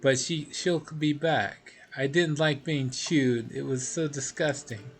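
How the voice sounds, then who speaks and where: A man's voice: fairly high pitch, steady tone, slow. A man voicing a whiny, petulant female demon queen from a video game, read in a mostly plain voice.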